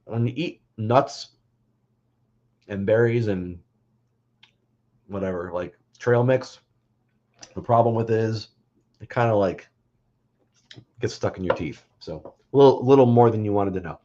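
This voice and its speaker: A man's voice: fairly low pitch, normal speed, long pauses, dark tone, muffled recording. A man hosting a casual livestream, chatting in a rambling way with many fillers and restarts. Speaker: livestream host.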